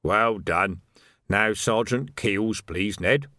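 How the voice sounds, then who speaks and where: A man's voice: on the low side, slow, pushed and bright, no echo, clean studio sound. A man voicing a sly, corrupt male sergeant who sounds falsely earnest and smug.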